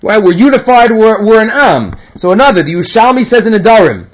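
A man's voice: high voice, sing-song, fast talker, poor audio. A man giving a casual Torah class, mixing Hebrew quotes into conversational English. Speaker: Torah teacher.

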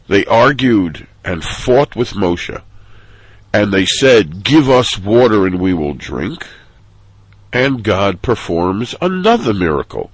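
A man giving an earnest, measured sermon as a rabbi, lifting his voice when he quotes the people's complaints. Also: lowish voice, husky, no room sound, rough recording. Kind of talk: sermon on the weekly Torah portion.

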